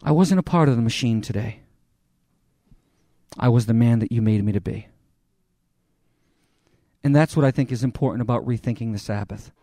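A man's voice: mid-range voice, mellow, no room sound, studio quality. A male pastor preaching a sermon in an earnest, conversational way, speaking directly to his congregation.

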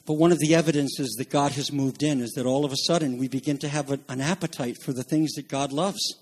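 A man preaching an expository sermon as pastor, stammering and restarting at times and climbing to emphatic shouts. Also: medium pitch, fairly even intonation, a little fast, slightly rough. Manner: rises to emphatic shouting, then drops back to teaching; frequent restarts and filler stammers.

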